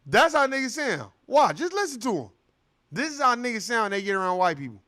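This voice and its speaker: A man's voice: very high-pitched, very animated, a little fast, pushed and bright, no room sound. A man hosting a vlog, ranting in heated, profane commentary with a sing-song delivery. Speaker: vlogger, show host. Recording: hip hop music playing behind. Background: hip hop music.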